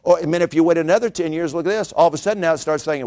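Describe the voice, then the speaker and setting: A middle-aged man delivers a motivational money seminar at a rapid clip. His voice sits high for a man, and he keeps hammering points home with rhetorical questions. He sounds energetic and a little preachy. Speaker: financial seminar speaker.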